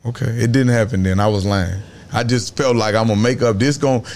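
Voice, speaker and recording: A man with a Louisiana accent, a guest in a casual interview, talking in slow, emphatic stories full of Southern slang. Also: fairly low pitch, steady tone, a little mellow.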